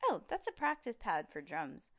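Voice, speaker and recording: A woman's voice: mid-range voice, wildly swooping pitch, moderate pace. A woman playing a cheery music teacher. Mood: encouraging.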